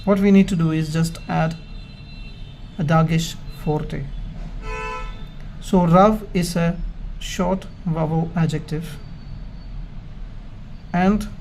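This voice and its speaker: A man teaching Hebrew grammar in a slow, measured way, explaining step by step with pauses. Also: a little high, fairly even intonation, a little mellow, slight background noise. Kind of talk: slow, methodical grammar lesson.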